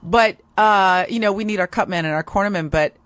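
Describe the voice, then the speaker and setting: A woman's voice: medium pitch, a little fast, a bit bright, clean tone, no echo. A woman hosting a comedy talk show, chatting eagerly with her guest and swearing casually. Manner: enthusiastic, agreeable, profane. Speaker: podcast host. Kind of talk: casual interview chat.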